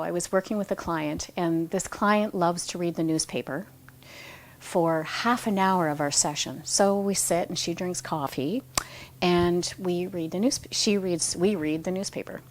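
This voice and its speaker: A woman's voice: lowish voice, background noise. A woman reading aloud from her own book, breaking off into conversational personal anecdotes and correcting herself as she goes. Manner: self-correcting, restarts phrases. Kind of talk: book reading with spontaneous asides.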